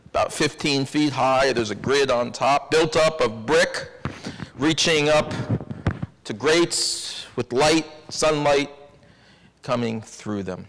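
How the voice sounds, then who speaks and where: A man's voice: a little high, slow, a bit bright. A man preaching a sermon as minister, telling a story in a wry, confiding way. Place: church sanctuary. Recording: long church reverb.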